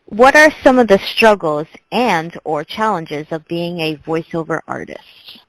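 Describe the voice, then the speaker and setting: Interview host, woman, lowish voice, eager, dry close sound. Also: animated, a little slow, a bit bright, no echo, poor audio. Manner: eager, laughs between questions. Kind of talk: interview questions.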